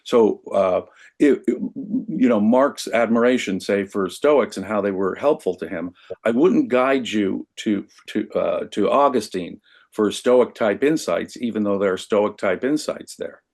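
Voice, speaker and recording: Guy guesting on a chat show, lowish voice, gets worked up and emphatic, restarts his sentences a lot. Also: measured pace. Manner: animated, emphatic, with frequent restarts. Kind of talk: conversational discussion.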